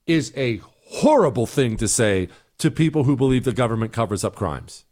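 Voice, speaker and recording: A man's voice: on the high side, animated, moderate pace. A middle-aged man hosting a talk show, giving emphatic, sarcastic opinions and answering listener emails. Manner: emphatic, sarcastic, repeats points.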